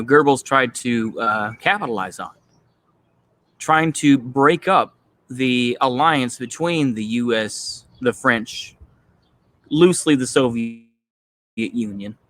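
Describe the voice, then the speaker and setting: A man's voice: medium pitch, fairly bright tone. A man in his thirties with a Texan accent, giving a blunt, profane and dismissive political rant as a vlogger, rambling with lots of fillers. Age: 30s. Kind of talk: casual ranting monologue.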